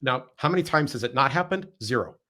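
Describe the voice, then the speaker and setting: A male podcast host delivering political commentary with heavy sarcasm. His voice sits at an ordinary middle pitch, and he leans hard on emphasis, repeating phrases as he winds himself up. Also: lively intonation, fast talker, pushed and bright. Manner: sarcastic, emphatic, repeats words when building a point.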